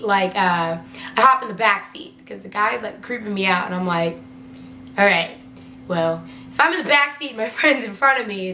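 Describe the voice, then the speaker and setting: A young woman tells a story to camera in a chatty vlog style, peppering her sentences with "like" and casual swearing. Her voice is bright and sits a little high. The room echoes noticeably, with a faint hum underneath. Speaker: vlogger. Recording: roomy echo with faint hum.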